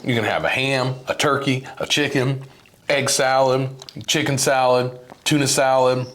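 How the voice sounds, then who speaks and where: A man's voice: mid-range voice, fairly even intonation, measured pace, a bit bright. A man hosting a casual snack-tasting video, joking and complaining in an exaggerated way. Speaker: channel host tasting snacks.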